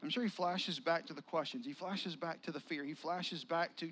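High-voiced male pastor telling a story. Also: normal speed, fairly bright tone, breathy edge, rough recording. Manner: casual, vivid storytelling. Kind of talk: sermon.

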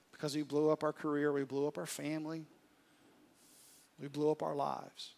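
High-voiced male pastor preaching dramatically. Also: completely flat delivery, moderate pace, gravelly, long pauses. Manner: dramatic, swings from hushed to loud. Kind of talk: sermon. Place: church service.

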